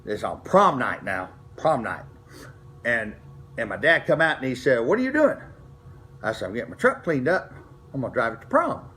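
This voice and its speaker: A man's voice: mid-range voice, sing-song, normal speed, bright, forceful tone. A middle-aged man, telling racing stories from his past in a folksy, rambling way, full of restarts. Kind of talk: casual storytelling to camera.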